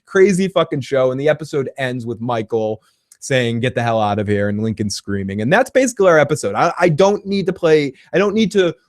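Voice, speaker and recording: Casual male TV-recap host with a slightly high voice, swearing and rambling. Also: very animated, brisk, no room sound, clean studio sound. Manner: profane, rambling and laughing.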